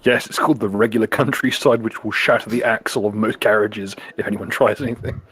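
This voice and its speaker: A man's voice: lowish voice, fairly even intonation, a little fast, fairly bright tone, breathy edge. A man narrating a tabletop game as game master, laughing and swearing as he stumbles over words.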